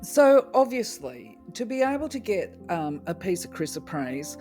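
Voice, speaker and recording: A woman's voice: on the low side, a little slow, faint music behind. Chatty woman telling a rambling story. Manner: animated, rambling, acts out quoted dialogue. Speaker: crystal channel host. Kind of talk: casual storytelling.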